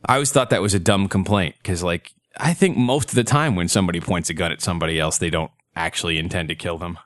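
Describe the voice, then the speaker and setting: Low-voiced man telling a rambling story. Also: fast, fairly bright tone, no echo. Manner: rambling storyteller, laughs often. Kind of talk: casual chat.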